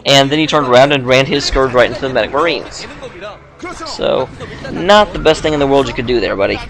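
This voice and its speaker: A man's voice: mid-range voice, expressive, fast, a crowd in the background. A sleepy man, yawning late at night, giving casual play-by-play commentary on a game, chatty and full of joking asides.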